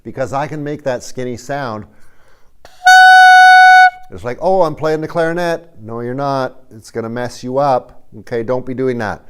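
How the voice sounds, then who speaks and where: A middle-aged man teaching a beginner music lesson to kids, folksy and animated, speaking straight to them. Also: mid-range voice, unhurried, long pauses. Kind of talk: instructional video lesson for kids.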